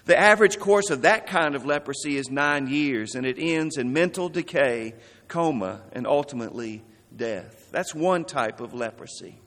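A man preaching a sermon in an earnest, emphatic way, letting his voice sink low at key words. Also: animated, moderate pace, fairly bright tone. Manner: earnest, emphatic, dramatic drops in volume. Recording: long reverb of a large hall.

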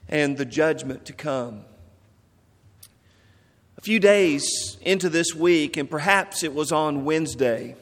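A man preaching a sermon as pastor, slow and deliberate, repeating phrases for emphasis. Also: a little high, a bit bright, big-room sound.

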